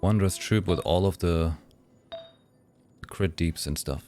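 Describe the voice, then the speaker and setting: A man chatting casually with viewers on a game live stream, lively and playful, slipping into voices for fun. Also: low-pitched, measured pace, faint music behind.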